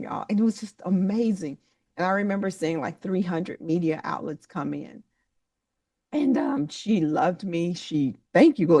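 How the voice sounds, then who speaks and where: A woman's voice: deep voice, gravelly, darkish tone, no room sound, far from the mic. A woman giving a motivational talk, emotional and preacher-like, calling on listeners by name. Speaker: motivational speaker.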